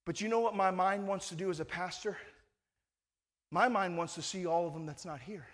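A man's voice: sits high, moderate pace, fairly bright tone. A male pastor preaching a sermon in a conversational, emphatic way, full of rhetorical questions.

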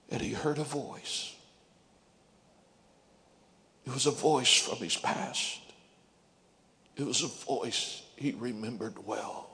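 A man's voice: mid-range voice, slow, sharp tone. A man preaching a dramatic sermon, dropping into whispers and singing out scripture lines.

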